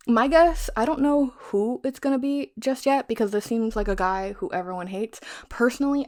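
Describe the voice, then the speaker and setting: A young woman vlogger casually recapping a thriller novel, chatty and frank, cursing freely. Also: mid-range voice. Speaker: book vlogger. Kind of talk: casual chat retelling a novel.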